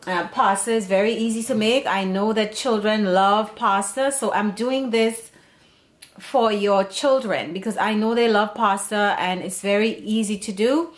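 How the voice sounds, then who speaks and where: Speaking at a medium pitch with fairly even intonation and a slightly slow pace, a woman from a Serbian background runs a home cooking demonstration in her kitchen. As the channel's host she is chatty and wandering, often restarting sentences.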